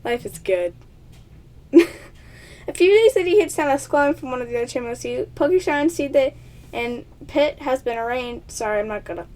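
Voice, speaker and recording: A woman's voice: high voice, animated, moderate pace, darkish tone. A woman reading a choice-based text game aloud, stumbling over words and giggling through playful asides to her viewers. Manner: stumbles over words, often tongue-tied. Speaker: player of a text adventure game.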